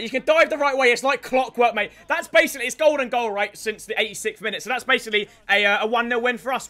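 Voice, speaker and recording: A young man commentating his own football video game matches, hoarse from yelling celebrations. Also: extremely high pitch. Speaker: gaming YouTuber.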